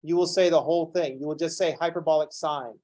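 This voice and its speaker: A man teaching a calculus class who lectures in an animated, playfully ranting way. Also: fairly high pitch, fairly quick. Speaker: calculus instructor.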